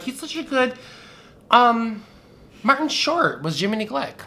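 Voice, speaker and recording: Sassy, campy young man with a bright voice. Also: high-pitched, animated, a little fast, creaky. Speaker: vlogger. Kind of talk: casual chat on camera, drinking game.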